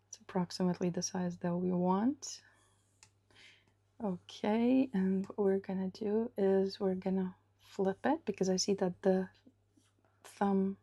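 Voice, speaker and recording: Slow, husky woman musing while drawing. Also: mid-range voice, warm tone. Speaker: illustrator. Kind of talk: live drawing session commentary.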